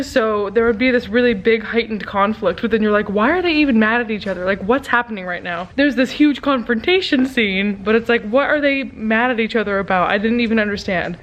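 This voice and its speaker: Girl early 20s rambling about books to camera, kinda high voice, lots of likes. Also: a bit bright. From Texas. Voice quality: chatty, lots of "like" fillers. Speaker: book vlogger. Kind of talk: casual vlog chat.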